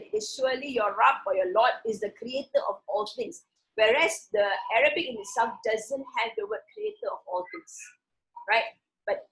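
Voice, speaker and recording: A woman teaching a Quran passage, reading the Arabic words slowly and with stress, then explaining them in a relaxed way with many restarts. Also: a little high, rough recording.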